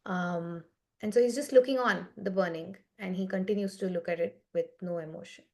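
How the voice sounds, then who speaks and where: A woman's voice: mid-range voice, fairly quick, vocal fry, darkish tone. A woman leading a meditation session on a video call, telling a story in a reflective, conversational way and often checking in with "right?". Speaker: meditation facilitator.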